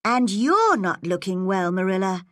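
A woman reading a storybook and voicing an eager, excitable teenage girl, her voice jumping high. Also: a little slow, dry recording, clean studio sound. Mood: earnest.

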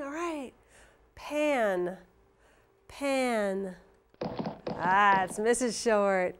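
In a video lesson for young children, a middle-aged woman teaches phonics, patiently showing objects one by one like show-and-tell. Her mid-range voice draws out words and pauses often, with background noise audible, and she gets excited when calling a pretend horse race.

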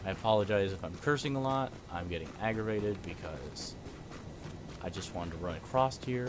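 A man's voice: fairly low pitch, expressive, normal speed, noisy background. Frustrated swearing young man gaming. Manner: frustrated, swearing, bursts of yelling at the game. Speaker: gameplay commentator. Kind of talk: casual gameplay commentary.

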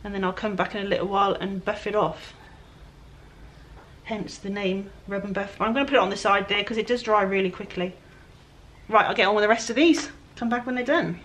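A woman's voice: medium pitch, normal speed, long pauses, a bit bright, rough recording. Chatty Welsh woman vlogging over noise. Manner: chatty, self-deprecating, talks to viewers while working. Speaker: furniture flipper. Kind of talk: casual DIY vlog narration. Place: outdoor work area with flies.

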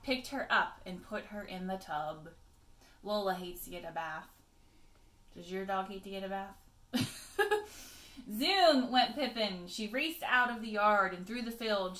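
Bright teacher reading a picture book. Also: female voice, medium pitch, unhurried, echoey room. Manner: expressive read-aloud with chatty asides to pupils.

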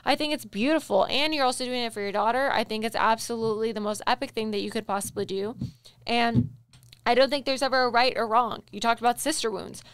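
A woman hosting a casual interview, emphatic and encouraging, telling stories in an animated way. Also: on the high side, quick pace, clear, resonant tone, dry recording. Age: adult, with a daughter. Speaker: podcast host.

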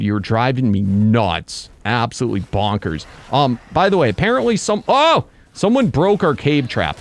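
A young man giving excitable let's-play commentary, yelping and groaning at mishaps while playing a game. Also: lowish voice. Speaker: gaming YouTuber.

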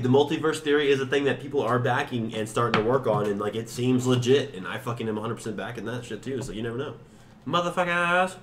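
A man in his twenties co-hosting a podcast in casual chat, high and rambling, with lots of profanity. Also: a bit bright, a little hiss or hum. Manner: rambling, profane, laid-back, trails off. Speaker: podcast co-host.

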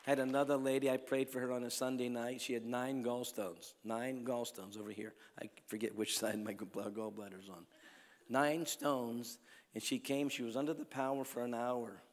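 A man preaching at a healing crusade, telling stories and swinging between loud calls to the crowd and hushed lines. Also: medium pitch, steady tone, moderate pace. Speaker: evangelist preacher. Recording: long hall reverb.

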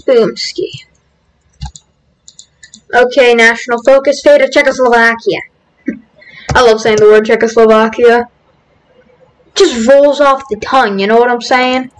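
A woman hosting a strategy game let's-play, excitable and bursting into cheers and shouts. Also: on the high side, low-quality recording. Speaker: gaming video host.

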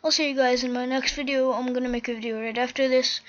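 This woman runs a gaming channel, and her high, steady voice moves at a quick clip as she chats through her play. She's easily rattled, erupting now and then in flustered, panicked shouts, all captured on a dull lo-fi mic with a little noise.

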